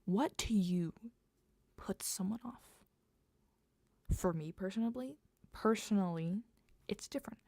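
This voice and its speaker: A woman's voice: medium pitch, a little slow, long pauses, darkish tone, no room sound. A young woman streaming as she writes, talking in a casual, rambling way and often half-whispering her thoughts. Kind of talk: casual livestream chat while writing.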